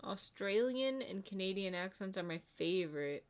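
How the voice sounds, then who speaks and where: A woman's voice: mid-range voice, expressive, normal speed. A woman co-hosting a casual livestream chat, rambling and chatty with lots of filler words. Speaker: livestream co-host.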